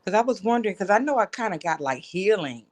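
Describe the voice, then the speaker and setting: A woman calling in for a psychic reading, reacting eagerly with quick exclamations. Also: medium pitch, very animated. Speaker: caller getting a reading. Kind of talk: casual chat.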